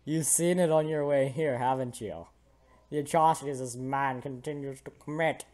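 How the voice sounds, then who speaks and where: A man's voice: mid-range voice, moderate pace, darkish tone, lightly acted. A man reading the lines of a sorrowful mother speaking to her daughter in a game. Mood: somber. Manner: reading game text aloud.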